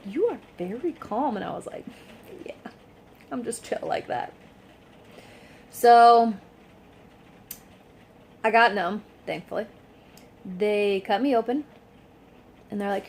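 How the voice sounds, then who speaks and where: A woman's voice: a little high, darkish tone, slight background noise. A young woman vlogging at home, telling a story in a chatty way, filling her talk with "like" and acting out what people said. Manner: chatty, says "like" constantly, acts out quoted lines. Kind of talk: casual storytelling to camera.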